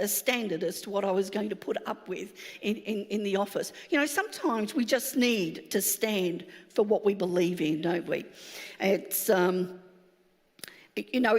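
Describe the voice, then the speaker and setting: A woman, a pastor telling a lively personal story in a sermon, acting out the dialogue. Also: mid-range voice, long reverb tail. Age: 60s.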